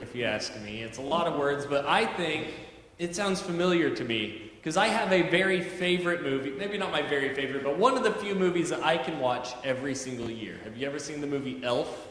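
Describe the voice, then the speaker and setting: Pastor, male, high voice, friendly children's talk, very echoey church sanctuary with a long ring. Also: lively intonation, a little fast. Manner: chatty, gentle, talks to children with questions. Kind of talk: children's moment in a church service. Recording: very echoey church hall, faint noise.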